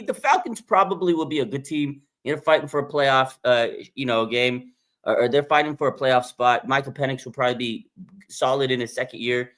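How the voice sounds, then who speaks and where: A man hosting a live fan reaction stream in a casual, excitable way, laughing and ranting with his voice jumping up when he gets hyped. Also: mid-range voice, brisk. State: has a bloody nose. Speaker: sports fan livestream host.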